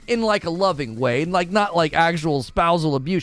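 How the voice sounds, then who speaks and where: A man's voice: fairly high pitch, a little fast, hardly any pauses, a bit bright, faint music behind. A man hosting a casual live stream, chatting and joking with viewers, laughing often and slipping into playful voices. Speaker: streaming show host.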